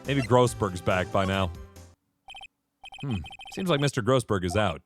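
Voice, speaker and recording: A man's voice: lowish voice, lively intonation, a little slow, soft background music, pitched below the performer's own voice. A man voicing a nervous, earnest young male defense lawyer who stammers. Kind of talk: streamer voicing game dialogue.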